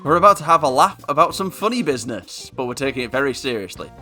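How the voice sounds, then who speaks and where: A man's voice: mid-range voice, sing-song, fast, over music. A man hosting a casual comedy podcast, joking, swearing and laughing as he talks. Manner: jokey, sweary, laughs often. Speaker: podcast host.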